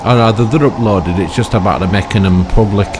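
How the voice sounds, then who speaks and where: An older man, a gaming YouTuber, gives rambling, chatty commentary on his own gameplay, packed with tag questions and self-mocking asides. His voice is lowish and fairly quick, with background noise behind it.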